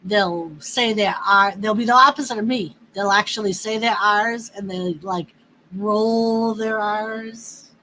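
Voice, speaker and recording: A woman from the northeastern United States hosting a livestream, chatting casually in a drawn-out, easygoing way with laughs. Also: medium pitch, bright, forceful tone, slight background noise, rough recording. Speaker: livestream host. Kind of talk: casual chat with viewers and a partner.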